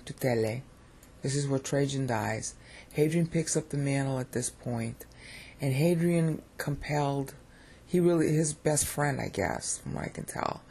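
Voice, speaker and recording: A Bible teacher with an American accent talks through on-screen slides in a loose, wandering lecture. The voice is gravelly and rough-edged with a husky grain, and it keeps checking in with the listener as it goes. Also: mid-range voice, a little mellow. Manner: digressive, chatty, often checks in with "okay?".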